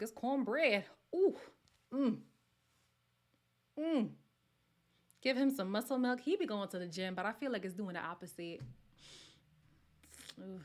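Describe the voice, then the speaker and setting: A woman with a slightly raised voice hosts a live watch party in a loose, talkative way. She reads viewer comments aloud and reacts to them, now and then lowering her voice to a whisper for an aside. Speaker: livestream host reacting to a reality show.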